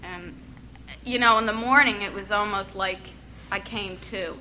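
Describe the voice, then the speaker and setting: A woman's voice: medium pitch, fairly even intonation, unhurried, bright, forceful tone, a little hiss or hum, poor audio. A woman in her thirties giving an earnest, emotional personal testimony, with touches of wry humor. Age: 30s. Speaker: speaker sharing her recovery story.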